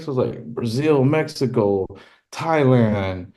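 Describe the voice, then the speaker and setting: Deep-voiced man telling stories. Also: normal speed. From California. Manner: animated, exclaims in high pitch when quoting himself. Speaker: guest, rodeo filmmaker. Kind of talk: casual storytelling.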